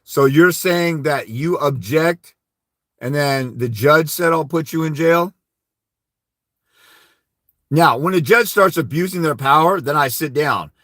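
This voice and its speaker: Here the fathers' rights livestream host sounds a little high and a little slow, with a fairly bright tone and a clean, echo-free studio recording. He stays blunt and profane, giving casual legal advice and acting out quoted dialogue in his stories.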